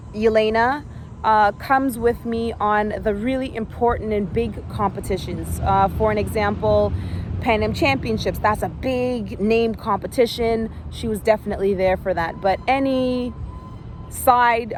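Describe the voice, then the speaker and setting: A woman's voice: mid-range voice, background noise. A woman in her thirties from Canada, a former elite gymnast, telling her own story in a candid, emotional way with frequent fillers. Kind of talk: personal storytelling vlog.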